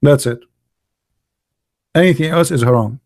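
A channel host delivers a mocking, polemical monologue, asking rhetorical questions and repeating words for emphasis. His medium-pitched voice is unhurried with a darkish tone, captured in clean studio sound with no room sound.

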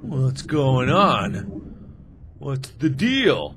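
A man's voice: medium pitch, huge pitch swings, very slow, background noise. Jumpy, yelping man playing a horror game. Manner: jumpy, shouts and yelps at scares, talks to the game. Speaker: let's play gamer. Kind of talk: horror gaming commentary.

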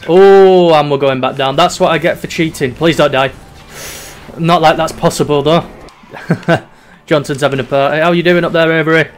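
Steady in tone and at normal speed, a young man's high-leaning voice carries over a little hiss or hum. He's a gaming YouTuber chatting and cursing his way through a video game, moving between mock despair and laughter.

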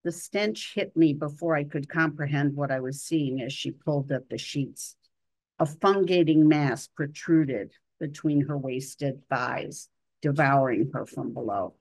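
Low, slow woman reading a story. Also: a little mellow, dry recording. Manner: measured, literary reading. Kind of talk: reading a personal story aloud.

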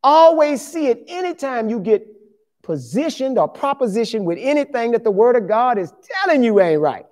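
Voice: mid-range voice, sing-song, moderate pace, a little mellow. Pastor, 50s, conversational and emphatic sermon delivery, mid-range voice. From Louisiana, USA. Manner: emphatic, conversational preaching with dialogue asides.

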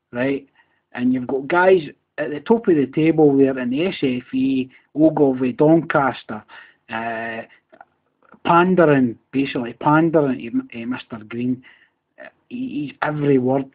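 A man's voice: mid-range voice, a little slow, husky. Sweary drunk Glaswegian man ranting. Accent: Scottish, Glaswegian. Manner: sweary, heated, repetitive. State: a bit drunk. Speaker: podcast host. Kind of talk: angry solo rant. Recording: tinny phone-quality recording.

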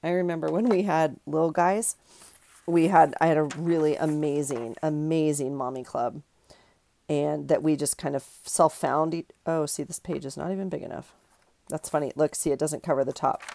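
A woman's voice: deep voice, fairly even intonation, moderate pace, creaky, warm tone. A middle-aged woman hosting a craft video, chatting in a rambling, giggly way and correcting herself as she works. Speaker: craft channel host. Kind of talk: casual chat while crafting.

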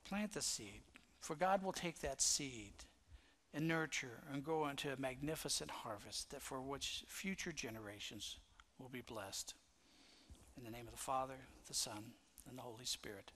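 A man's voice: medium pitch, normal speed, sharp tone. A male pastor giving a sermon in a church, telling a story in an earnest, reflective way. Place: church sanctuary.

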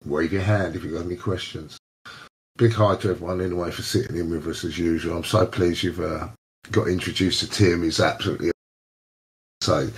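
An English man hosting a casual online chat, telling lively anecdotes and slipping into voices for the people in them. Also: low voice, fairly quick. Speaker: host.

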